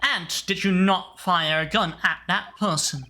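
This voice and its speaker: An earnest young defense lawyer pressing witnesses with probing questions, played by a woman. Her voice is bright and slightly low, and she talks slowly. It is part of a game read aloud.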